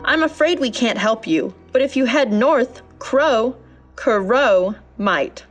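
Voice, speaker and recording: A woman's voice: a little high, expressive, takes it slowly, faint music behind. A woman voicing a gracious female parrot in a storybook reading, cooing and genteel. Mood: huffy.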